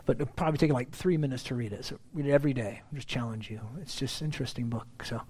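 A middle-aged man, a pastor preaching a sermon in church, talking in a conversational, self-deprecating way and getting louder when he stresses a point. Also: mid-range voice, fast talker, breathy edge. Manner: conversational, self-deprecating, rising loud on emphasis.

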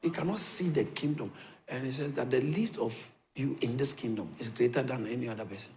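A man with a medium-pitched, darkish voice preaches briskly to a congregation, with slight background noise. He often repeats phrases for emphasis and poses rhetorical questions, asking listeners whether they follow him.

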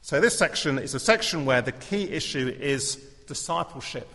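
A man's voice: a little high, lively intonation. Man preaching in a reverberant church hall. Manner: measured, earnest, gently humorous. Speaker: pastor. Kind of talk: sermon.

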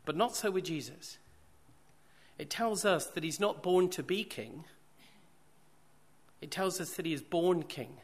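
A man's voice: on the high side, a bit bright. Man preaching with rhetorical questions. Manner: rhetorical questions, emphatic repetition. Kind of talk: sermon.

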